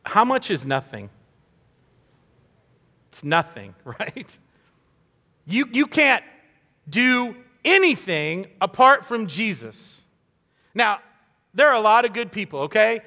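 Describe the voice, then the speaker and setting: A man's voice: high voice, very animated, slow, pauses often, sharp tone, in a large hall. A man preaching a sermon in an earnest, conversational way, acting out little quoted voices as he goes. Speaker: pastor.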